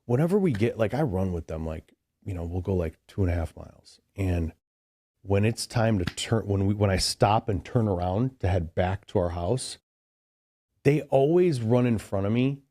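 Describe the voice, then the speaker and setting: A man's voice: on the low side, lively intonation, normal speed, dark tone, no room sound, studio quality. A man from Chicago, a podcast guest, telling a long story in a loose, rambling way, full of "like" and "dude". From Chicago, USA. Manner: rambling, heavy use of "like" and "dude". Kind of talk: casual storytelling.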